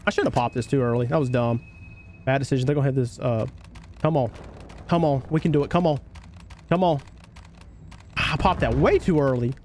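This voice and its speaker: A man's voice: medium pitch, a little fast, pauses often, slight background noise. A young man from North Carolina with a Southern twang, streaming a shooter game live and chatting with his viewers. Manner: excitable, chatty, reacts loudly to the game. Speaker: livestream gamer.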